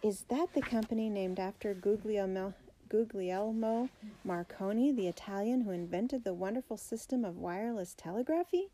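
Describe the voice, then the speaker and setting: A woman's voice: medium pitch, moderate pace, warm tone, natural voice. A woman reading the lines of an earnest, polite teenage boy in a storybook.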